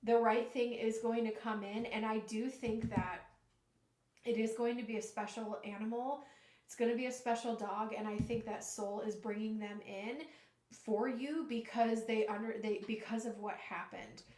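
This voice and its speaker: Female tarot reader, higher voice, earnest and halting, roomy echo. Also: fairly even intonation, darkish tone. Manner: earnest, emotional, halting with restarts. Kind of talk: live tarot reading.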